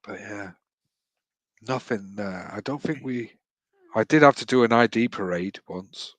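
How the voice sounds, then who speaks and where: A man's voice: lowish voice, unhurried, no room sound. A man chatting casually on a livestream, reacting with short remarks and telling a hesitant story of his own. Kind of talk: casual chat.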